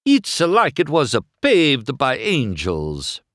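A man voicing an excitable, grouchy Italian male car with an exaggerated Italian accent in a storybook reading. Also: mid-range voice, slow, no room sound, clean studio sound, voice pushed up, exaggerated voice. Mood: excited. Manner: exclamatory, mock Italian accent.

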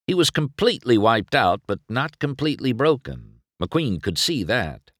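A man reading a storybook aloud as narrator in an expressive storytelling manner. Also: medium pitch, moderate pace, no room sound, clean studio sound.

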